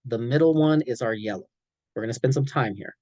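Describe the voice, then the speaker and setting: A man giving a clinical training presentation in an animated way, checking in often and acting out examples. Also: medium pitch, brisk, no room sound, highs cut off. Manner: animated, frequent "okay?" check-ins, acts out examples.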